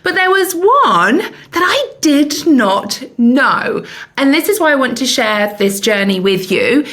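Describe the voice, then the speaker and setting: A woman's voice: high voice, sing-song, slow pace, a bit bright. A woman in her fifties hosting a podcast, telling a personal story candidly with self-mocking humor. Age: 50s. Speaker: podcast host.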